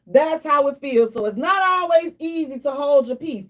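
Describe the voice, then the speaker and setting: A woman hosting a radio talk show in a lively, playful storytelling manner. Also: high voice, normal speed. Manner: animated, playful, slips into mock prayer and acted quotes.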